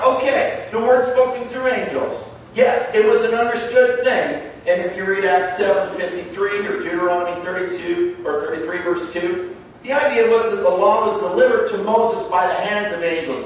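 A man's voice: high-pitched, normal speed, slight background noise. A man preaching a sermon in a church, emphatic and conversational. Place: church sanctuary. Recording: echoey room heard from a distance.

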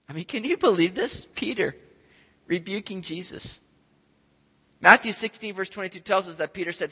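A man preaching a sermon, animated, acting out scenes and swinging from loud to soft. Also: high voice, moderate pace, pauses often, breathy edge. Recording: echoey hall.

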